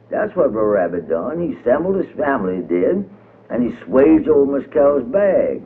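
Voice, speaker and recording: A man with a tells a folk tale in a rhythmic, colorful way. His pitch ranges widely as he reads. The sound is narrow and tinny, like an old radio broadcast. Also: big pitch swings, normal speed. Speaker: storyteller. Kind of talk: dialect folk-tale reading.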